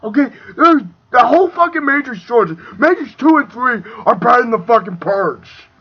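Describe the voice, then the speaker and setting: A young man ranting angrily about a movie, profane and swinging between shouting and muttering. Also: extremely high pitch, lively intonation, moderate pace, breathy edge. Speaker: video reviewer. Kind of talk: angry movie rant. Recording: dull lo-fi home recording.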